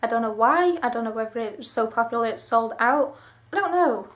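A young woman with a fairly high voice talks through her shopping haul. She gushes over each find and rambles on in a chatty, excitable way. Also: a little fast. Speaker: vlogger. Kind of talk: clothing haul vlog.

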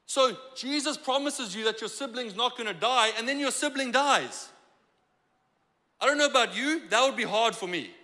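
A high, bright male voice delivers a lively sermon in a church sanctuary. His talk is conversational and animated, and he slips into little voices for the people he quotes. Long reverb rings through the hall. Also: moderate pace. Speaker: pastor.

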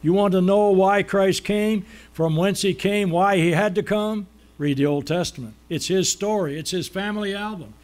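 A man preaching a sermon, asking questions and then answering them, slowing down to stress key words. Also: high-pitched, darkish tone.

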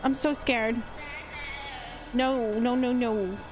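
A woman's voice: a little high, steady tone, takes it slowly. A woman streamer commentating live gameplay, jumpy and swearing often as she talks to her chat. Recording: loud music behind voice.

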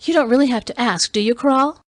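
A woman reading an audiobook voices a fierce, volatile woman captor who mocks and turns shrill when she screams. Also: fast, lightly acted. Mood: mocking.

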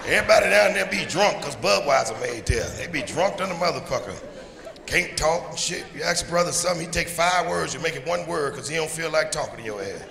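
A man from Chicago performs a loud, profane stand-up routine with punchy timing. His voice is gravelly and a little raised. The sound carries through a big, reverberant hall with audience noise behind it. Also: on the high side, expressive, brisk. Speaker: stand-up comedian. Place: large live venue with audience.

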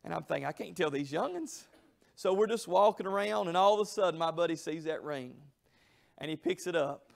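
A middle-aged man, preaching a revival sermon in a church, telling a story with emphatic, drawn-out phrases. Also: fairly high pitch, fairly even intonation, gravelly. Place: church sanctuary.

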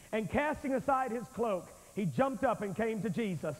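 A man's voice: extremely high pitch, lively intonation, normal speed, hardly any pauses. A man preaching a revival sermon to a large congregation, folksy and emphatic as he speaks straight to the crowd. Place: large church sanctuary with thousands present. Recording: reverberant hall on an old VHS tape.

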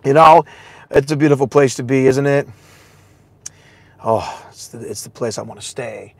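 A man preaching a sermon in a casual, excitable way, often laughing, swinging between shouts and hushed asides and saying "man" a lot. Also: medium pitch, normal speed, gravelly, husky, dry recording.

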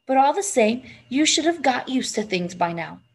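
A woman doing a calm, sensible farm wife. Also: high voice, normal speed, creaky, breathy edge, exaggerated voice. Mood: calm insistent. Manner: calm, matter-of-fact.

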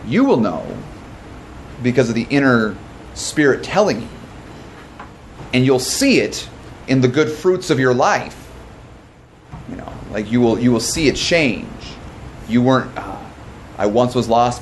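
Pastor guy running a bible study, mid-pitched voice, chatty, lots of restarts, faint hiss behind. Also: sing-song. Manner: informal and fast, with restarts and joking asides. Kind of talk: conversational Bible study teaching.

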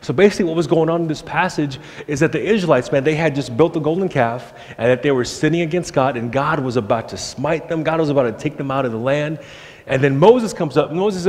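A man's voice: a little high, fast. Young man preaching with long hall reverb. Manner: animated preaching, acts out quoted voices. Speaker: pastor. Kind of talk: sermon. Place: church sanctuary.

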